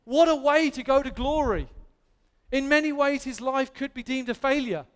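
English pastor preaching, pretty high voice, big echoey church hall. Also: male voice, normal speed, smooth. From England. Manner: earnest, emphatic preaching with rising exclamations. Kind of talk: sermon.

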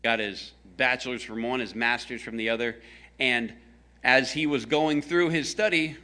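Man, pastor, from the American South, conversational sermon, storytelling, bright forceful voice. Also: mid-range voice, moderate pace. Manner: animated, storytelling, jokes with the congregation.

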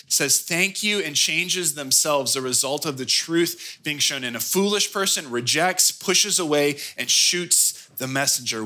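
A man in his thirties, a pastor preaching a sermon with animated storytelling. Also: a little high. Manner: animated storytelling with acted-out quotes.

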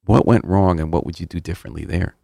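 Deep, gravelly, fast-talking older radio host. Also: male voice, mellow, no echo. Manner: pointed, rapid questioning. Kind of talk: radio interview. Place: radio studio.

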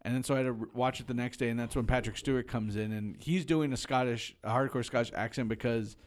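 A man's voice: mid-range voice, steady tone, quick pace. A man co-hosting a casual podcast chat, blunt and rambling, swearing freely and restarting his sentences. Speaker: podcast co-host.

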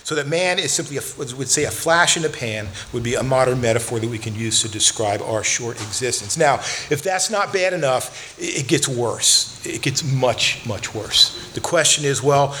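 A pastor preaches a sermon, earnest and direct, repeating words to stress his points and turning to address the children in the congregation. His medium-pitched voice is bright, forceful, and animated, at normal speed with hardly any pauses. There's slight background noise.

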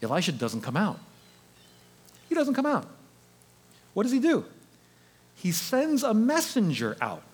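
A male pastor preaches a sermon with a high, lively voice that swings widely in pitch. He tells the story in a conversational, animated manner. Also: a little slow, long pauses, breathy edge.

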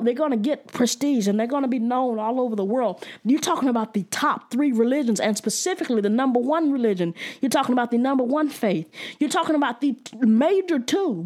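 An excited woman preaching a fervent Bible teaching, talking colloquially with frequent restarts. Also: a little high. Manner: enthusiastic, fervent, laughing often. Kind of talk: sermon.

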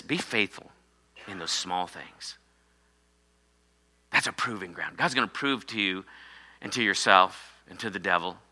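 A man's voice: on the low side, pushed and bright. A man preaching a sermon, emphatic and repetitive, calling for amens from the congregation. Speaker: pastor.

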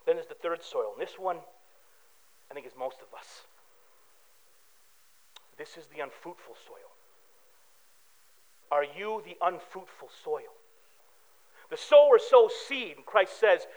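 A man's voice: a little high, lively intonation, unhurried, pauses often, darkish tone, poor audio. A man preaching a sermon with emphatic rhetorical questions and joking asides. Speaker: pastor.

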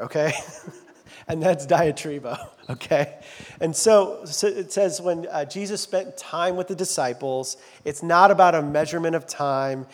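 Preaching in a large sanctuary, this pastor has a slightly high voice with a big-room sound. He keeps his sermon relaxed, poking fun at himself and joking along the way.

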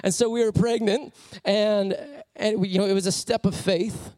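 A man preaching a sermon as a personal story, animated and laughing often as he tells it. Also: high voice, moderate pace, no room sound, clean studio sound.

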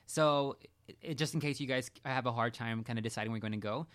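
A woman's voice: extremely low pitch, fast, no room sound. A woman interviewing a guest in a casual, bubbly way, reacting eagerly and asking follow-up questions. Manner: bubbly, reactive, gasps and laughs.

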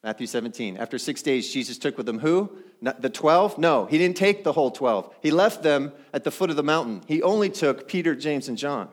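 A man's voice: a little high, animated, brisk, hardly any pauses. Conversational male pastor preaching. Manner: conversational, asks the congregation questions. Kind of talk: sermon.

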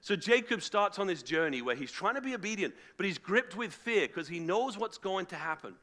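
Bright-voiced preacher telling a story. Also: male voice, high-pitched, a little fast. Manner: animated, acts out voices of figures in the story. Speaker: pastor. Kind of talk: sermon storytelling. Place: church hall with live audience, also streamed online.

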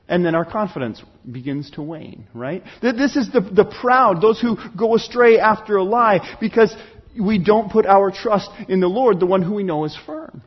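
A man's voice: high voice, animated, moderate pace, slightly rough, highs cut off. A pastor preaching a candid, conversational sermon, acting out little dialogues and often restarting his sentences. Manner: stammering restarts.

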